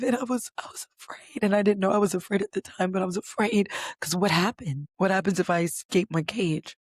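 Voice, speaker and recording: Young woman, podcast host, candid personal story, casual fillers, dry close sound, mid-range pitch. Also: steady tone, a little fast, few pauses, darkish tone, slightly rough, no room sound. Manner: candid, conversational, frequent "like" and "um", occasional swearing.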